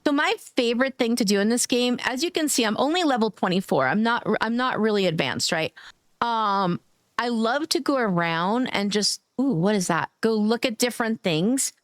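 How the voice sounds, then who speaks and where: A woman's voice: fairly high pitch, lively intonation, normal speed, dry recording, studio quality. A woman streamer chatting casually while gaming, affectionate and gushing, cursing now and then.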